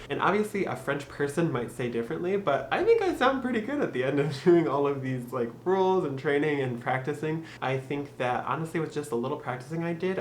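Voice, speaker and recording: An upbeat young man talks through a casual tutorial, slowing down to drill each phrase. His voice is mid-pitched and rings in an echoey room with a faint hiss behind it. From Michigan. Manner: upbeat, laughs often, slows for drilled phrases. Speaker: YouTube tutor.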